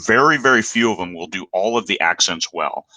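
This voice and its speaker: A man's voice: sits low, expressive, fairly quick, pushed and bright, dry recording. A middle-aged man hosting a casual talk show, speaking candidly with many restarts. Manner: candid, rambling, self-deprecating. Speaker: podcast host. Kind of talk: casual chat.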